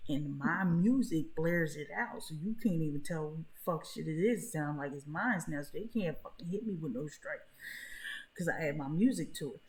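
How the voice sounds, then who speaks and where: A woman hosting a live-streamed gossip chat, talking bluntly and loudly with a lot of swearing. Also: deep voice, lively intonation, moderate pace, reverberant. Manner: blunt, profane and loud. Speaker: host.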